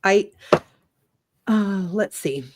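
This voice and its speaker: A woman's voice: mid-range voice, drawn-out words, noisy background. A woman guest who acts on stage, talking chattily with easy laughs and frequent "uh" fillers. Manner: chatty, laughs easily, fills with "uh". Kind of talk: casual panel talk.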